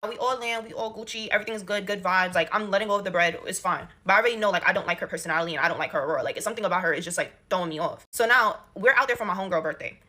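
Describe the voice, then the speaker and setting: Fast-talking young woman telling gossip. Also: mid-range voice. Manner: animated, slangy, indignant storytelling. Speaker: storyteller. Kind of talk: casual storytime gossip.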